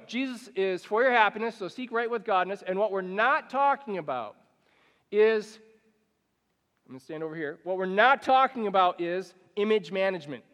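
Man, pastor, high-pitched, animated conversational sermon, long hall echo. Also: clear, resonant tone. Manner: animated, conversational preaching with acted-out examples.

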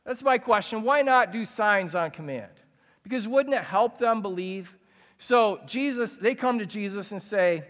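A man's voice: high voice, a little slow, a bit bright, big-room sound. A man giving a conversational sermon as pastor, often asking his listeners questions. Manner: conversational, asks the audience questions.

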